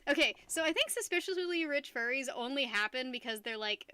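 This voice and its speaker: A woman's voice: sits high, lively intonation, brisk, sharp tone, clean tone, dry recording. A young American woman streaming live, chatting casually with her viewers in a giggly, rambling way that keeps restarting sentences. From United States.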